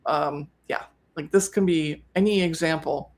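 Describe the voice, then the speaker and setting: A woman hosts a live online business session in an easygoing, talkative way. Her voice sits a little low, and she often backtracks and rephrases as she goes. It sounds like she is recording from home. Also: a little slow. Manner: chatty, self-correcting, trips over words. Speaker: co-host of a live business webinar. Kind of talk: casual live-stream teaching.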